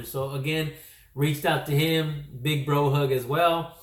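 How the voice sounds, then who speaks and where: A man from California telling a casual vlog recap, rambling and correcting himself, his voice slightly worn from yelling. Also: on the high side, moderate pace. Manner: rambling, self-correcting storyteller. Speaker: comic book vlogger. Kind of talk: casual recap talk to camera. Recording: echoey room.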